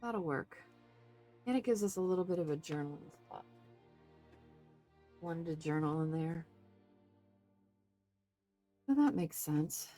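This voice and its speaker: A woman's voice: deep voice, lively intonation, unhurried, pauses often, dark tone, faint music behind. A woman chatting casually through an art journaling tutorial, thinking aloud, fussing over details and talking to her viewers. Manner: fussy, second-guessing. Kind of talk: casual crafting tutorial chat.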